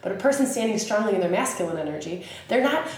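A woman's voice: mid-range voice, fast. Chatty Southern woman in an echoey room. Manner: animated, chatty, many fillers. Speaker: podcast host. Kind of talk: casual spoken teaching monologue. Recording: very echoey room with faint ambience.

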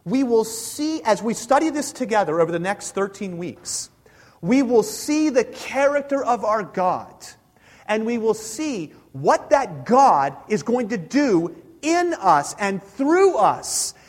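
A man's voice: high voice, very animated, slow. A man in his forties preaching a sermon in a church, talking casually with the congregation and asking them questions. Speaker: pastor. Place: church sanctuary. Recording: hall reverb.

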